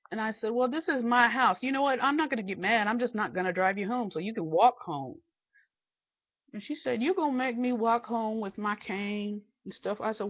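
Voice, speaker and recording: A woman vlogging at home, telling a long family story in a fed-up, rambling way. She keeps replaying the back-and-forth of each argument, and the recording sounds a bit dull and lo-fi. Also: medium pitch. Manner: exasperated, quotes family members in quick back-and-forth. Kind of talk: casual storytelling rant.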